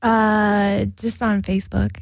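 A woman's voice: medium pitch, flat delivery, creaky, no room sound. Chatty giggly woman radio host. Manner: giggly, chatty, quick bursts. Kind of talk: casual on-air banter. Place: radio studio. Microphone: studio mic.

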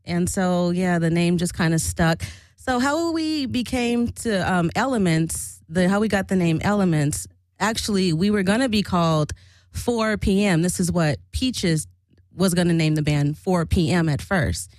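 A woman's voice: lowish voice, a little slow, darkish tone, no echo. A woman chatting casually to her camera about her old band, rambling and frank with swearing and frequent laughter.

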